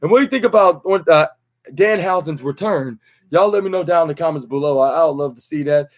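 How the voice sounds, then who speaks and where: Young male podcast host, slightly high voice, loose rambling recap delivery with lots of fillers. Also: a little fast. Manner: rambling, many fillers and restarts, acts out quotes. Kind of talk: casual wrestling recap.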